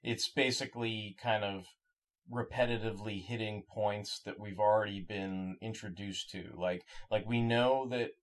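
A man chats casually as a podcast co-host, talking in a low register. He halts and restarts often, stacking fillers as he thinks aloud. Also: fairly even intonation. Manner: halting, many restarts and fillers. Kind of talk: casual chat.

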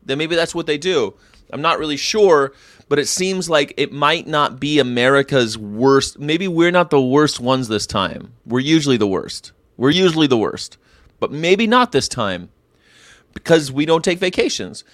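A man's voice: on the high side, expressive, measured pace, fairly bright tone, no room sound, studio quality. A man hosting a daily vlog, with rambling, jokey talk and frequent laughs. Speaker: host. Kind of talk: casual daily vlog monologue.

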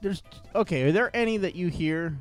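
A man's voice: sits high, a little fast, soft background music. A man co-hosting a podcast, rambling and ranting with lots of profanity in casual chat. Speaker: podcast co-host.

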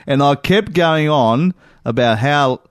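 A man's voice: on the high side, animated, slow, clear, resonant tone, no room sound, studio quality. A man co-hosting a casual chat, wry and teasing. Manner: wry, teasing, self-deprecating. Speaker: podcast co-host.

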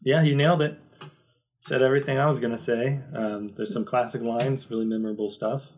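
A man's voice: medium pitch, fairly even intonation, a little fast, darkish tone. A man co-hosting a podcast who mostly gives brief, agreeable replies in a casual review chat. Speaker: podcast co-host.

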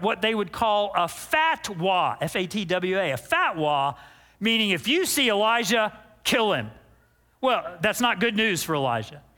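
Animated bright-voiced preacher in a reverberant hall. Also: male voice, high voice. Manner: animated storytelling, acts out quotes, quick restarts. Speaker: pastor. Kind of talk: sermon. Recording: long reverb of a large hall.

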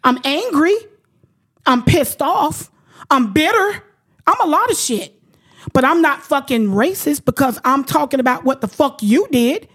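A woman's voice: sits high, animated, unhurried, fairly bright tone. A woman hosting a radio talk show, outspoken and profane, ranting in heated casual chat.

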